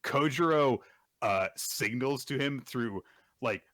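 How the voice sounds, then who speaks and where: A man with a fairly low voice, recorded dry and close, talks through comic plots as a podcast co-host. He sounds wry and amused, chatting casually. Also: lively intonation, moderate pace, fairly bright tone, dry recording. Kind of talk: casual chat recapping comics.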